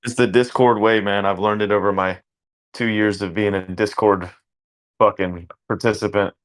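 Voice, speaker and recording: A man with a very low voice hosts a loose podcast chat. He swears freely and jokes around. The sound is close and dry. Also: steady tone, normal speed, no room sound. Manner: swearing, joking, bursts into loud laughing shouts. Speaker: podcast host. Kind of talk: casual chat.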